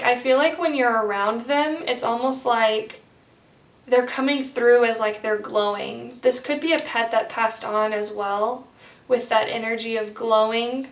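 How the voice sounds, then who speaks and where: A young woman delivers a pick-a-card tarot reading in a gentle, heartfelt manner, rambling with plenty of "like". Her voice sits a little high. It sounds roomy and slightly distant, as if she sits back from the microphone. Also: vocal fry. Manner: rambling, heavy use of "like".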